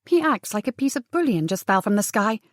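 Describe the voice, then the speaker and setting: A woman voicing a wary young woman with a tart, sharp-tongued manner. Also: medium pitch, lively intonation, a little fast, no room sound, clean studio sound, lightly acted.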